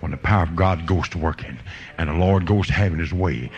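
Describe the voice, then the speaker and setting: A man's voice: low voice, a little fast, lo-fi sound, faint music behind. A man preaching a sermon, telling folksy stories of faith with fervent energy.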